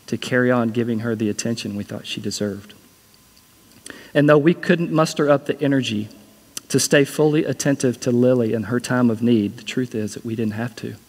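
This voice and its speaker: A male pastor preaching in a church sanctuary, his voice at an ordinary middle pitch. He talks earnestly and drives points home by repeating them. The sound carries a long hall reverb. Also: darkish tone. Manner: earnest, repeats key phrases for emphasis. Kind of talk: sermon.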